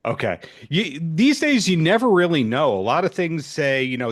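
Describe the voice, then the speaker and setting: A male podcast host with a voice of ordinary pitch leads an interview. He frames his questions at length, speaking in a measured, conversational manner. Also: lively intonation.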